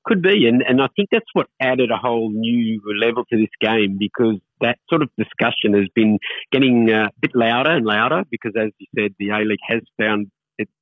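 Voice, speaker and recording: A man's voice: mid-range voice, fairly quick, dry recording. A man with a reflective, hesitant manner, full of fillers, speaking as a guest in a radio interview over a phone line. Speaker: interview guest, football club figure. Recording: tinny phone line, dry.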